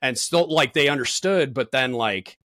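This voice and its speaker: A man's voice: mid-range voice, moderate pace, pushed and bright, dry recording. A man in his thirties, a podcast guest, telling work stories in casual chat with lots of fillers and swearing. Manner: blunt, profane, storytelling with lots of fillers.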